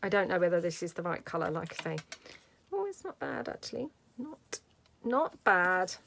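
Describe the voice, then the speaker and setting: Lady vlogger, bit of fry in her voice, just chatting away while she crafts. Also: lowish voice, sing-song, a little fast, background noise. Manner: chatty, thinks aloud while working. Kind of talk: casual crafting tutorial chat.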